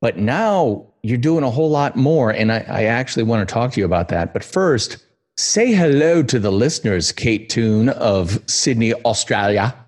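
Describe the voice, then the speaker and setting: An American man hosts a podcast interview in a chatty, joking way, wandering off into rambling asides. His voice sits in the mid range, with lively intonation and a normal speed, fitting a casual interview conversation.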